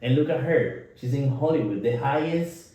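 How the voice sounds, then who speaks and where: A man's voice: medium pitch, animated, moderate pace, mellow. A man from Nicaragua with a Nicaraguan Spanish accent, Spanish his first language, chatting earnestly as podcast co-host and laughing often. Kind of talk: casual chat. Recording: very echoey room.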